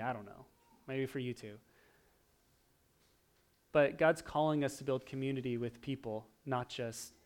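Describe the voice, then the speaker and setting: A man preaching a sermon, animated, swinging from loud emphasis to hushed, quiet asides. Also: medium pitch. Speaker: pastor.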